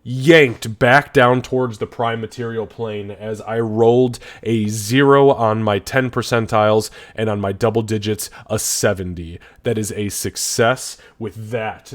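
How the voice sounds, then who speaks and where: A man's voice: lowish voice, fairly even intonation, a little slow, few pauses. A man narrating a tabletop role-playing session as game master, descriptive and swearing freely.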